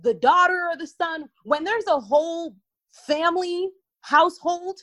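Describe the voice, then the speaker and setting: A woman radio host talks on a podcast with a high, bright pitch. She is wry and confident, teasing her host with easy humor. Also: measured pace. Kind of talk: casual podcast interview.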